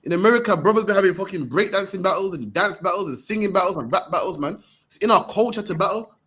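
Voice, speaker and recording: A man preaching to a group, punchy and forceful, ending his lines with "man". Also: high voice, fast talker, breathy edge. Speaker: street preacher teaching a group. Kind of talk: impassioned preaching.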